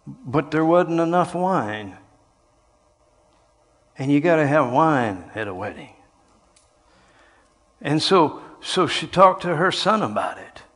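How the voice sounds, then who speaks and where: An older man preaching a sermon, telling stories and swinging between quiet passages and loud, shouted lines. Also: fairly high pitch, big pitch swings, slow pace, pauses often. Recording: long hall reverb.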